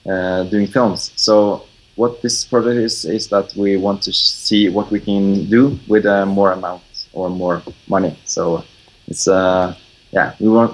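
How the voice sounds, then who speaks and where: Male guest, English, low-pitched, hesitant with lots of fillers. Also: poor audio. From Norway. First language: Norwegian. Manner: halting, many fillers, searches for words. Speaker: guest filmmaker. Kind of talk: casual interview chat.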